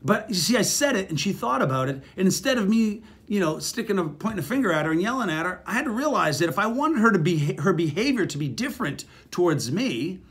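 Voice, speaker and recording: A middle-aged man giving blunt, crude relationship advice as a casual motivational talk, animated and swearing freely. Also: high voice, fast talker, hardly any pauses. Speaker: relationship speaker.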